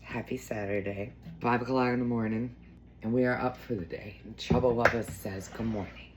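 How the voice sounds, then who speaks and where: A woman chatting casually through a home vlog, bubbly and gushing, slipping into a high baby-talk voice for her cat. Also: fairly even intonation, normal speed, very noisy. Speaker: lifestyle vlogger. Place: home kitchen and living room.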